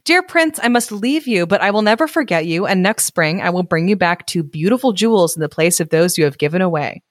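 A woman voicing a gentle, devoted male swallow while reading a storybook aloud, in a tender, pleading tone. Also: on the low side, animated, brisk, no room sound, clean studio sound, natural voice.

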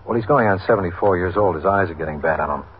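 A man plays a practical police inspector in an old radio drama, deferential and matter-of-fact. His voice is very deep and his talk runs fast. The broadcast sound is muffled, with faint hiss. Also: natural voice. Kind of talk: 1950s radio drama acting.

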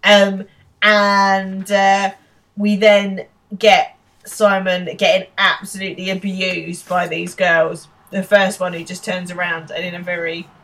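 A woman's voice: mid-range voice, little pitch movement, slow, fairly bright tone, low-quality recording. A woman in her thirties co-hosting a podcast, casually retelling a TV episode and acting out the quoted lines. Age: 30s. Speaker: podcast co-host. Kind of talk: casual chat recapping a TV episode.

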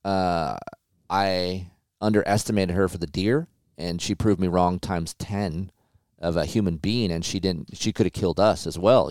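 A man's voice: low voice, darkish tone, no room sound, studio quality. A man hosting a podcast, telling a story casually with frequent swearing. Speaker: podcast host. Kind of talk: casual chat.

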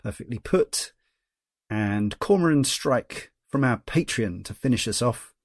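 A man with a Geordie accent hosts a casual podcast, reading out listener messages in a wry, chatty way. His mid-pitched voice has a gravelly edge. The recording is dry and close. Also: animated, measured pace, no echo. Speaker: podcast host.

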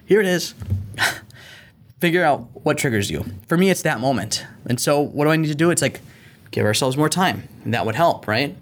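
A middle-aged man hosting a faith-based parenting podcast, earnest and animated, sometimes acting out an angry parent. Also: a little high, a little fast. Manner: earnest, animated, acts out yelling at his kids. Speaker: podcast host.

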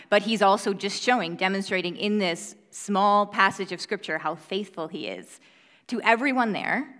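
A woman's voice: mid-range voice, fairly bright tone. A young woman, a mother, giving an earnest, conversational Bible teaching with casual fillers. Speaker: preacher. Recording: reverberant hall.

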